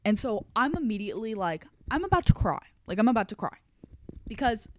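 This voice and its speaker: A woman's voice: on the low side, a little mellow, a little hiss or hum. A young woman vlogger telling a story in an emotional, chatty way, saying "like" constantly. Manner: chatty and emotional, heavy use of "like". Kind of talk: storytime vlog.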